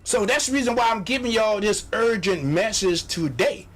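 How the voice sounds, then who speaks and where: A man's voice: sits high, expressive, moderate pace. A man hosting a radio show, giving a motivational sales pep talk, exhorting his listeners, repeating phrases and mimicking doubters.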